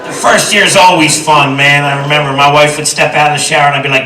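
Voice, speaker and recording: An older man doing a stand-up set, shouting punchlines to the crowd. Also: a little high, steady tone, fast, few pauses, heavy background noise. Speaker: stand-up comedian. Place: large theater with a live audience. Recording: echoey hall recorded from a distance. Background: loud crowd laughter.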